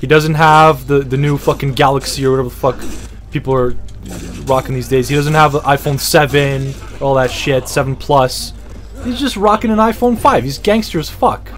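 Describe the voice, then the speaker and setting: A man's voice: medium pitch, steady tone, moderate pace. A man chatting casually as a podcast host, rambling, repeating himself and joking with lots of swearing. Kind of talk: casual comedic podcast chat.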